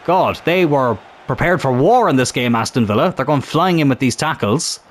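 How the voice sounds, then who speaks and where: A man commentating his own football video game match in a casual, chatty way, getting excited at big chances. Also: medium pitch, moderate pace, a little hiss or hum. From Ireland.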